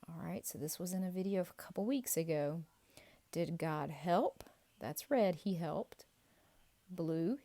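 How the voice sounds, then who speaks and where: A woman leading a playful Bible quiz for children, drawing out each answer and cheering the kids on. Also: fairly low pitch. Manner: playful, animated and encouraging, drawn-out answer reveals. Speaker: children's ministry teacher.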